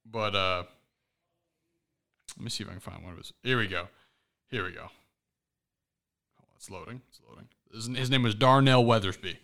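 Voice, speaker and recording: A young man hosting a podcast, chatting casually and telling stories in an animated, excitable way. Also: fairly low pitch, moderate pace, gravelly, pauses often. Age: young adult. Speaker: podcast host. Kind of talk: casual chat.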